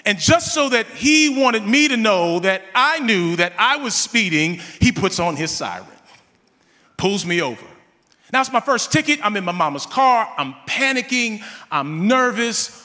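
A man preaching a sermon, telling a personal story with animated delivery and calling on the congregation. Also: high voice, unhurried, long reverb tail.

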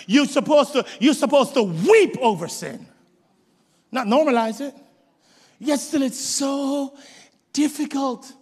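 A man preaching a sermon as pastor, emphatic, swinging from shouted exhortations to hushed low asides. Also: expressive, slow, long pauses. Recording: long hall reverb.

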